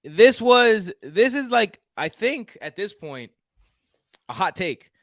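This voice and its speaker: Man, from Houston, podcast co-host, casual and jokey, slightly high pitch, dry close sound. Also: takes it slowly, no room sound. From Houston, Texas. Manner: animated, jokey, frequent restarts. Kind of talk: casual fantasy football chat.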